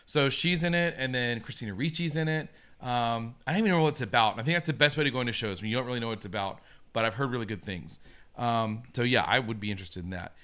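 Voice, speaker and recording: A man's voice: mid-range voice, fast, sharp tone, clean tone. A man hosting a casual live stream, chatting eagerly and reacting to viewer comments. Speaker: host.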